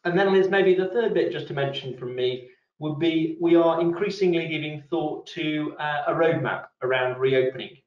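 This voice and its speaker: A man giving a sober, measured update on a business webinar over a video call, with uhs and restarts. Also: a little high. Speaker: business lobby guest speaker. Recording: dull, echoey room sound on a video call.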